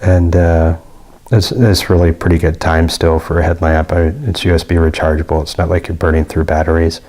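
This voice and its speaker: A man's voice: low voice, level tone, moderate pace, a little mellow. A man giving a casual, rambling product review with many fillers and restarts. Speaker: gear reviewer.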